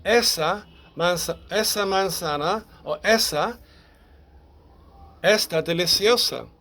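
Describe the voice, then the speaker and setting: A man teaching Spanish grammar to English speakers, explaining step by step, halting and correcting himself as he goes. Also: high voice, sharp tone. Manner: slow, halting, with restarts and self-corrections.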